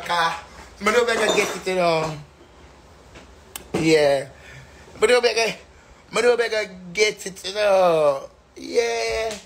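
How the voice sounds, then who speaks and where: A man's voice: sits high, a bit bright, slight background noise. A man with a Jamaican accent chatting casually and animatedly, breaking into laughter often and singing phrases. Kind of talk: casual live chat.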